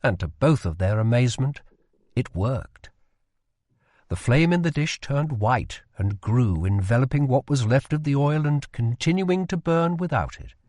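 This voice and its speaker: A man narrating a fantasy audiobook in a measured, expressive storytelling manner. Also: mid-range voice, no echo, studio quality.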